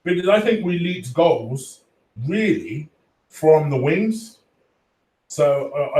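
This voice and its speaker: A man's voice: fairly high pitch, animated, takes it slowly, pauses often, recorded from a distance. Man, casual live stream host, swearing, chatty, echoey room, a bit off-mic. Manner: swearing, chatty, shouting out viewers. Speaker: fan channel host reading live chat.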